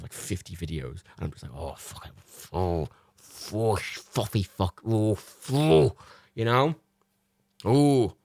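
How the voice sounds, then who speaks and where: A man's voice: low voice, darkish tone, breathy edge, no room sound. A man hosting a livestream, a little tipsy, rambling casually with lots of laughter and swearing. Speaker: livestream host. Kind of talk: casual chat.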